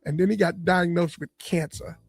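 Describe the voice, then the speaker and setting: A comedian in a podcast interview, a man with a high voice, walks through his past in a lively storytelling style. He acts out the voices of the people he talks about. Faint music plays under his voice. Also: moderate pace, vocal fry, slightly rough, dry recording. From Boston area. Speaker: comedian and radio personality guest. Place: podcast studio.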